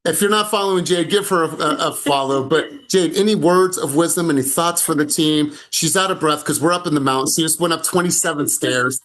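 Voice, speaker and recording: A man leading a casual group coaching call over video from a home in the mountains, energetic and emphatic, repeating words and laughing often. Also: a little high, a little fast, few pauses. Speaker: sales coach.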